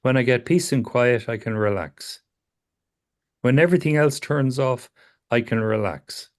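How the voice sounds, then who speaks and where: A man working as a psychotherapist, talking a client through self-awareness in a calm, questioning way that repeats phrases. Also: mid-range voice, measured pace. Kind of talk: therapy session conversation.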